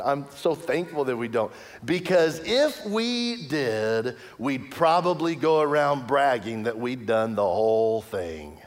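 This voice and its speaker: A man preaching a sermon as pastor, telling a story with lively swings between loud excitement and hushed, near-whispered lines. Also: medium pitch. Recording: long hall reverb.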